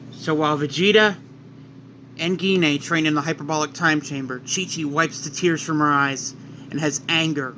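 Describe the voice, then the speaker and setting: Bright-voiced casual male storyteller. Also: a little high, steady tone, moderate pace, a little hiss or hum. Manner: casual, retelling in present tense. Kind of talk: fan story narration.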